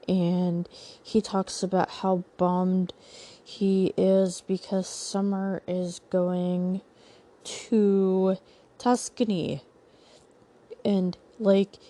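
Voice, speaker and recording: A woman's voice: medium pitch, dark tone. A young woman hosting a casual recap podcast, chatty and full of sarcastic asides. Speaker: podcast host recapping a TV show.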